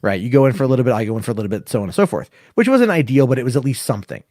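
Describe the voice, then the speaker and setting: Profane, animated male podcast storyteller. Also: medium pitch, very fast, no room sound, studio quality. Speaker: podcast host. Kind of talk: casual storytelling chat.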